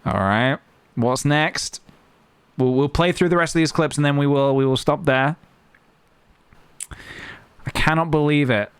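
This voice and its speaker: A man's voice: a little high, a little slow, pauses often, clean tone, dry recording. A man chatting casually to his live-stream audience, giggly and talkative as he reacts to clips. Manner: chatty, giggly, talks to chat.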